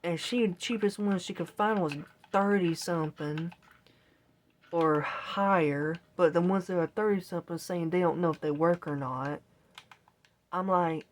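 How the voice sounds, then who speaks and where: A woman with a fairly low voice tells a long, winding story in a casual vlog. She rambles and quotes her own exasperated reactions. Faint keyboard typing can be heard behind her. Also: a little slow. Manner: rambling, exasperated retelling with quoted self-talk. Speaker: vlogger. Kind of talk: casual storytelling while gaming.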